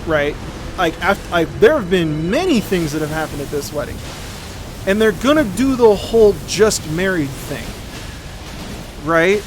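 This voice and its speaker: High-voiced man telling a rambling story. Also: noisy background. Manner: rambling, profane, exasperated storytelling. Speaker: streamer. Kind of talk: casual storytelling while gaming.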